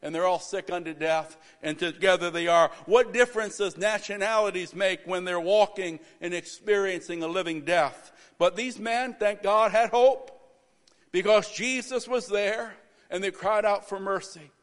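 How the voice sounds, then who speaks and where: A man pastoring a church service, praying and preaching a sermon that builds to loud, emphatic stretches. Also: high-pitched, moderate pace. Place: church sanctuary. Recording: reverberant church hall.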